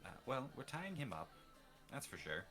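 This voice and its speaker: A man's voice: mid-range voice, sing-song, moderate pace, a bit bright, soft background music. A man playing a tabletop game, talking in a plain, matter-of-fact way. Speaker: player.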